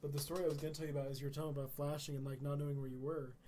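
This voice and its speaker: A man's voice: fairly high pitch, flat delivery, racing, dark tone, slight background noise. A young man co-hosting a podcast, chatting casually and joking around with a laugh. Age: young adult. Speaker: podcast co-host.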